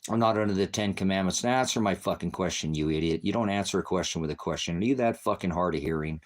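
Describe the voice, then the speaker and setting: Low-voiced guy preacher ranting on a livestream, swearing nonstop, yelling at somebody in chat. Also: quick pace. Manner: heavy cursing, insulting and berating; confrontational, talks to a commenter. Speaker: online preacher. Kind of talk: angry livestream rant.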